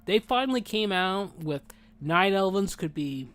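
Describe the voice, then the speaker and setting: A slightly high-voiced man streaming a game, chatting in an easygoing, rambling way. He gets animated as he talks and eats as he goes, so some words come out with his mouth full. Faint game music plays underneath. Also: a little slow. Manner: rambling, animated, says dude a lot; talking with mouth full while eating. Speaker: gaming streamer. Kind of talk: casual gameplay chat.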